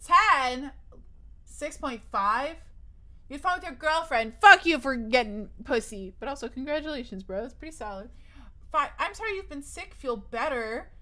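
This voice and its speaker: Bright and forceful, her highish voice carries as this young streamer talks casually to her live viewers. She rambles nervously, keeps starting over, swears, and her voice cracks.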